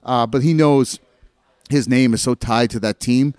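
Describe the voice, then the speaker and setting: A man's voice: mid-range voice, a little slow, smooth, no room sound. A middle-aged man, a former hockey player, telling locker-room stories in casual chat and acting out the voices he quotes. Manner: animated storyteller, acts out quoted voices.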